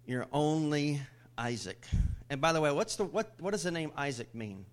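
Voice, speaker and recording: A male pastor preaching a sermon, calling out questions to the congregation and making humorous asides, jumping much higher and louder when he voices scripture characters. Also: animated, normal speed.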